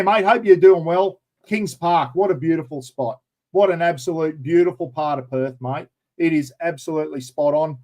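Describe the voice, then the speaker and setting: A man's voice: fairly high pitch, a little mellow, poor audio. An Australian man hosting a casual live chat, rambling and chatty, calling everyone mate. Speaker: livestream host.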